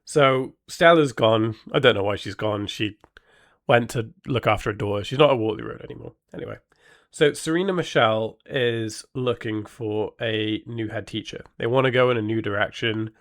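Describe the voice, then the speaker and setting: A man hosting a podcast in casual solo talk, thinking aloud with many pauses and restarts. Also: fairly low pitch, no echo, clean studio sound. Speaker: podcast host.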